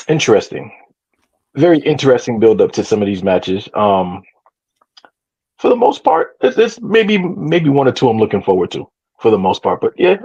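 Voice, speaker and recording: A man joining a casual podcast as a panelist, hesitant and thoughtful, with plenty of pauses and ums. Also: medium pitch, a little mellow, husky, muffled recording.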